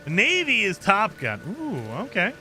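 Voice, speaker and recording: A man's voice: sits high, wildly swooping pitch, unhurried, bright, forceful tone, soft background music. A man streaming a game, chatting casually with viewers in a joking, teasing way and laughing often. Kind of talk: casual live commentary while playing.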